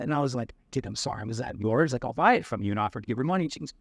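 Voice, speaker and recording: Fast-talking man telling bar stories. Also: medium pitch, dry recording, studio quality. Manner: animated, acts out quoted voices. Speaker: podcast co-host. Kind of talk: casual storytelling. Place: cigar bar.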